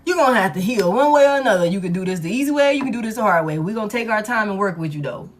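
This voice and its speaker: A woman's voice: mid-range voice, expressive, very fast. Blunt, profane woman tarot reader. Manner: blunt, profane, emphatic repetition. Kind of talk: casual tarot reading monologue.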